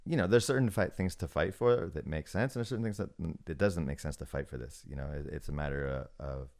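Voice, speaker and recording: A very deep-voiced man with a darkish tone speaks in a measured, hesitant way, thinking aloud as he goes. He is a podcast guest who once managed a snowboard shop, chatting in a casual podcast conversation.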